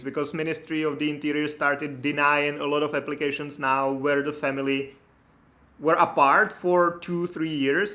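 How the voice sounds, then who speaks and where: Bright-voiced man hosting a live Q&A. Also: a little high. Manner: relaxed, chatty, laughs easily, reads viewer comments aloud. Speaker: immigration consultant hosting a live Q&A. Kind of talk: casual live-stream Q&A.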